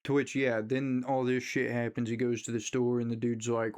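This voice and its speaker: A man's voice: medium pitch, flat delivery, moderate pace, darkish tone, clear, resonant tone. A young man giving a rambling, profane casual rant recapping a horror movie, briefly mimicking characters as he goes. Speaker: movie reviewer.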